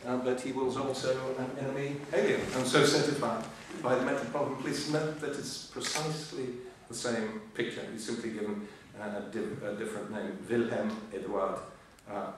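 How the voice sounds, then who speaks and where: A man's voice: mid-range voice, fairly even intonation, normal speed. Older man lecturing in an echoey hall. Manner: hesitant, many ums and uhs, dry humour. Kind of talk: academic history lecture. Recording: echoey hall, voice from far off, faint hiss.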